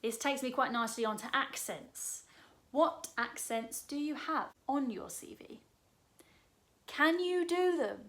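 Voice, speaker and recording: A woman's voice: a little high, unhurried, a bit bright. A woman in her thirties with an Essex accent, giving casual career advice from her sofa in a direct, chatty way. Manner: chatty, direct, asks the viewer questions. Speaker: performer sharing career advice. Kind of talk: casual advice chat to camera. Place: home sofa.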